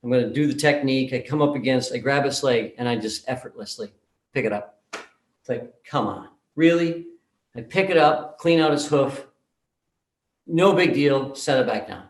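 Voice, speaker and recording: Brief: male speaker, lively storyteller, voices the dialogue, mid-pitched, roomy hall sound. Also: moderate pace. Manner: animated, acts out dialogue in the story. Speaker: conference speaker. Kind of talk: storytelling talk. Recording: roomy echo.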